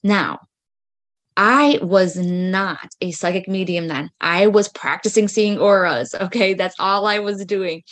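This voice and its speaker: A woman's voice: mid-range voice, fairly even intonation, measured pace, a bit bright. A woman podcast host chatting through personal spiritual stories, full of fillers like "like" and "freaking". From United States. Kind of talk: casual storytelling monologue.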